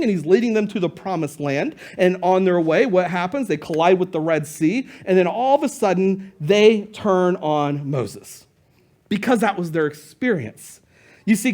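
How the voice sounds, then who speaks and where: A man's voice: sits high, a little mellow. A male pastor preaching a sermon to his church in a casual, conversational way, retelling stories with playful asides.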